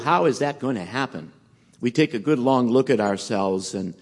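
A man preaching in a conversational, halting way with frequent fillers. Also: medium pitch. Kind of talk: sermon.

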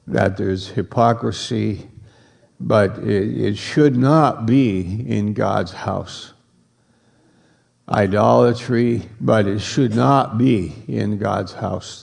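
Slow gravelly-voiced male preacher. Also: lowish voice, darkish tone. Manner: slow, emphatic preaching with repeated words. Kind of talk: sermon.

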